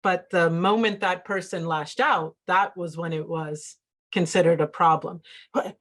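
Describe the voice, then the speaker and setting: A woman's voice: lowish voice, fairly even intonation, a little slow. A woman hosting and moderating a panel discussion, thoughtful and searching for her words as she poses questions. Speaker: host and moderator.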